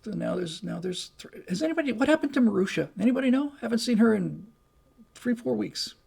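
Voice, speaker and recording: A man's voice: high-pitched, lively intonation, brisk, creaky, darkish tone, husky. A man hosting a casual livestream, rambling and chatty as he reads out viewer comments. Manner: rambling, chatty, with many restarts and fillers. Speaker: livestream host.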